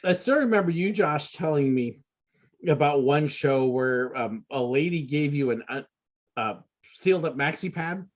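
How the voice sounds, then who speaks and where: A man's voice: fairly high pitch, lively intonation, normal speed. A man casually chatting with a former coworker about their old show days, laughing along. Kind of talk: casual chat. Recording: dull lo-fi sound.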